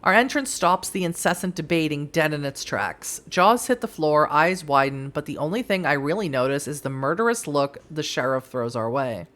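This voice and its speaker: A woman with a low-sitting voice hosts a let's play, reading the game's story aloud with expression and adding casual commentary. She talks at normal speed with hardly any pauses, swears freely and laughs at the game.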